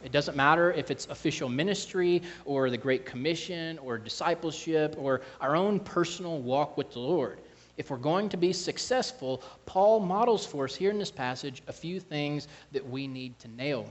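A man preaching a sermon as pastor, earnest, with frequent restarts and scripture reading. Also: on the high side.

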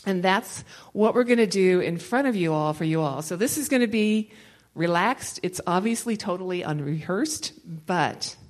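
Chatty low-voiced woman leading a session. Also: expressive, normal speed, poor audio. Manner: rambling, chatty, laughs often between thoughts. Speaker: Christian conference session leader. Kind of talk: conversational teaching talk to a live audience.

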